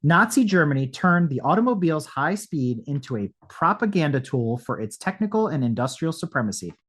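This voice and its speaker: A man reading a scripted introduction as podcast host, in an even, read-aloud delivery. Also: on the high side.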